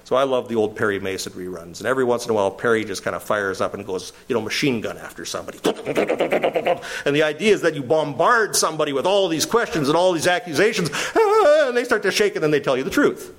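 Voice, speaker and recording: An older man preaching a verse-by-verse sermon, animated, his voice climbing sharply when he quotes. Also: mid-range voice, fast talker.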